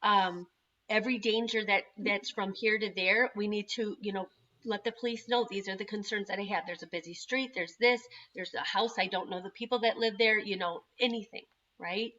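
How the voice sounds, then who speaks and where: Woman, parent advocate, crisp bright tone, lively storyteller, dull lo-fi recording. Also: mid-range voice, moderate pace. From Chicago. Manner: acts out dialogue in quotes. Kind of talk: animated storytelling.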